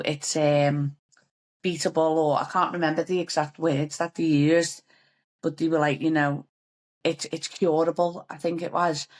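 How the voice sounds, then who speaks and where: A woman's voice: low-pitched, a little mellow. A young woman telling a personal story to the camera in a chatty, candid way, with plenty of fillers. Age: young adult. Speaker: vlogger.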